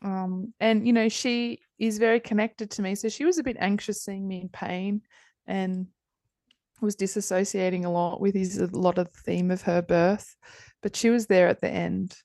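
A woman's voice: mid-range voice, fairly even intonation, normal speed, a little mellow, no room sound. A woman, telling her story as a podcast guest in a candid, chatty way, swearing freely and often restarting her sentences. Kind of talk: casual conversation.

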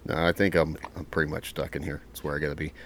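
A man with an extremely low voice hosts a casual podcast, recorded in a closet. He tells loose, rambling stories and swears freely, over a faint hum of background noise. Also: level tone, quick pace, fairly bright tone. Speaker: podcast host. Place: his closet, indoors.

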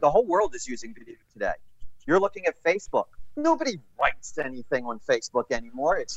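A man with a nasal Northeastern US accent, co-hosting a casual podcast in an emphatic, playful, animated way. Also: on the high side, quick pace, vocal fry, dry recording, muffled recording. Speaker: podcast co-host.

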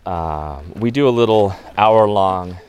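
A man's voice: low voice, takes it slowly, a little mellow, clean tone. A man, a photographer who leads photo walks, telling chatty, rambling anecdotes with many fillers in a casual interview.

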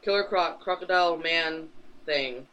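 High-voiced man rambling through a comic recap. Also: a little slow, sharp tone, a little hiss or hum. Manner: rambling, swears freely, acts out characters in passing. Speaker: podcast co-host. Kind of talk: casual chat, recapping a comic. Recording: dull lo-fi recording.

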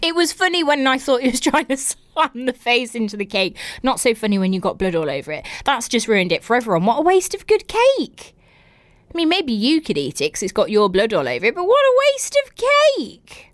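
Give me a young English woman casually reading listener stories with giggly, over-the-top reactions, in a lively voice. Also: a little high, fast talker, hardly any pauses, no room sound. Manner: giggly, breaks into laughter, exaggerated reactions. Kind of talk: casual chat.

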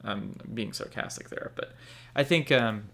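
A man's voice: medium pitch, a little slow, sharp tone. A young man co-hosting a casual podcast, rambling candidly and swearing now and then. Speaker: podcast co-host. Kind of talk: casual chat about anime.

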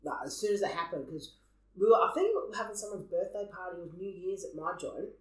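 A man's voice: high-pitched, expressive, fast. A young Australian man telling a long personal story in a casual podcast chat, rambling and swearing freely. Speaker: podcast co-host. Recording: echoey room.

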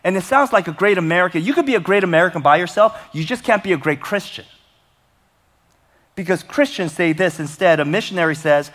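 Male pastor, lively preaching, higher voice, long hall reverb. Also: brisk. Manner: animated, conversational preaching with humor and rhetorical questions. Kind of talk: sermon.

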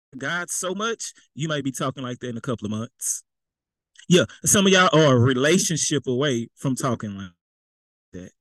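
Male preacher, AAVE, loose street-talk sermon, fairly high voice, dry close recording. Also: fairly bright tone, no echo, rough recording. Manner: conversational, repeats words, folksy slang. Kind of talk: casual sermon.

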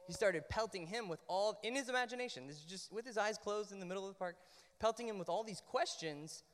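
High-voiced man telling a story in a reverberant space. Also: quick pace. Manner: animated, many fillers and restarts, laughs while telling. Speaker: panel guest. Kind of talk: casual anecdotal storytelling.

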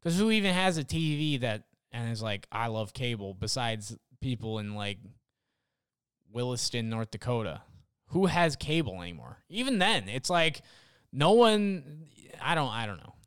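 A man's voice: mid-range voice, very animated, a little slow, fairly bright tone, smooth, no room sound, studio quality. A young man ranting casually and sarcastically as a podcast host, rambling and swearing. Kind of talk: casual rant.

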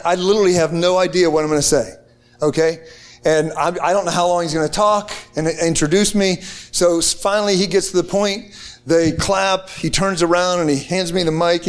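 Excited high-voiced male preacher. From United States. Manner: excited, casual slang, frequent restarts. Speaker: preacher telling a testimony. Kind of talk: animated storytelling to a group.

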